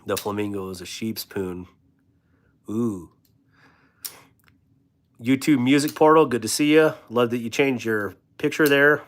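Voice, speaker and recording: A man in his thirties chatting on a live stream in a middle-pitched voice. He reads viewer comments aloud and riffs on them in a loose, rambling way, cracking jokes as he goes. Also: a little slow, pauses often. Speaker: livestream host of a knife channel. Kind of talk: casual live-stream chat.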